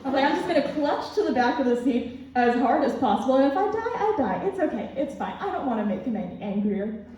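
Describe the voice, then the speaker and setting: A young woman telling a stand-up story on a student club stage, with a high, mellow voice. She laughs at her own jokes and fills her pauses with ums. The recording is dull and heavily echoey, picked up from a distance. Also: animated. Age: young adult. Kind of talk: stand-up comedy set.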